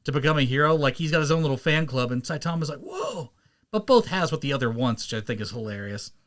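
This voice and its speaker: A man hosting a casual podcast chat, talking loosely with quick asides. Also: mid-range voice, animated, a bit bright. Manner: chatty, quick asides and impressions. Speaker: podcast host.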